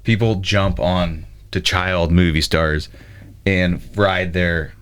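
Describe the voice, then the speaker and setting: Podcast guest, man in his late 30s, very low voice, halting and thinking aloud. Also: steady tone, fairly bright tone, clean tone. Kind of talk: casual podcast discussion.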